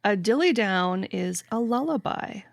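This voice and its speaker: A woman hosts a podcast with a medium-pitched, animated voice that runs a little slow and carries vocal fry, with no room sound. She chats casually and playfully with her guest, acting out silly voices in her jokes.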